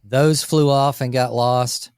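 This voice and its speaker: A man co-hosting a casual business podcast, talking energetically through lists with quick asides about running a landscape company. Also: mid-range voice, fairly even intonation, a little mellow, smooth, no room sound, clean studio sound.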